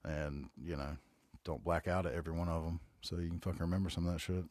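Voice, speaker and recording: A man's voice: sits low, flat delivery, fast, a little mellow, dry recording, clean studio sound. A man in his forties with a Southern accent from North Carolina, rambling casually and profanely as he hosts a solo podcast. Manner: rambling, profane, laid-back storytelling. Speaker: podcast host.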